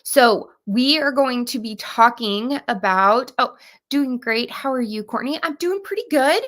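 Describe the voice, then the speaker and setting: Bubbly thirties woman on a book club livestream, a bit high-pitched, chatty with viewers. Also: animated, unhurried, fairly bright tone. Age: 30s. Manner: bubbly, greets viewers by name. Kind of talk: casual livestream chat.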